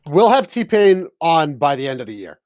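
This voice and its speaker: A man's voice: on the high side, sing-song, normal speed, darkish tone. A man on a casual gaming podcast, talking enthusiastically and emphatically. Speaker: podcast co-host.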